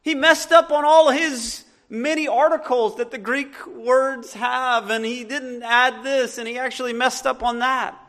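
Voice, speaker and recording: A man's voice: extremely high pitch, steady tone, unhurried, hardly any pauses, a bit bright. A man with a Southern US accent preaching a sermon as a pastor, earnest and emphatic, often restarting his sentences.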